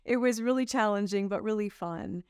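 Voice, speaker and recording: A woman's voice: medium pitch, normal speed, darkish tone, smooth. A middle-aged woman with an Australian accent, an actress chatting casually in an interview, telling stories with playful quoted asides.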